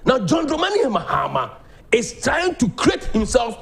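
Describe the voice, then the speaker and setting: Animated Ghanaian man, lively high voice. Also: moderate pace, vocal fry. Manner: animated, mixing Twi and English. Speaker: host. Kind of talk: political talk-show commentary.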